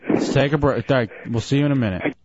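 A man's voice: medium pitch, quick pace, darkish tone, a little hiss or hum. Brash male talk-radio host, lo-fi broadcast. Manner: brash, joking, crude. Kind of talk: casual talk-radio banter. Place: radio studio.

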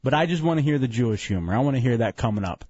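Animated male radio host. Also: breathy edge, no echo, muffled recording. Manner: playful, rambling, quick shifts in pitch. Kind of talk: casual radio banter.

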